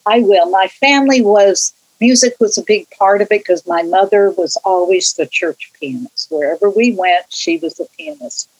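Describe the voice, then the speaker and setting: A woman's voice: medium pitch, normal speed, few pauses, low-quality recording. Chatty older woman telling stories. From California. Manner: rambling, warm recollection with frequent restarts and tangents. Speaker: interviewee, church choir member. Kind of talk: casual conversational storytelling.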